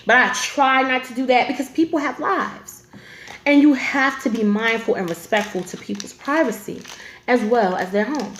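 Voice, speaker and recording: A woman's voice: a little high, normal speed, a bit bright, roomy sound, a little hiss or hum. A woman telling a story to camera in a casual storytime vlog, blunt and profane, with lots of filler.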